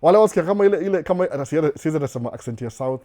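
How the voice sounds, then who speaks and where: A Kenyan man hosting a relaxed live Q&A from his den at home. He talks quickly, stumbling and restarting, and keeps asking if his listeners follow. His voice is mellow and warm. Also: on the high side. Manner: chatty, repeats and restarts, asks "unaona?". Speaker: live-stream host. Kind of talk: casual live Q&A chat, code-switching. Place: indoor home den with a couch.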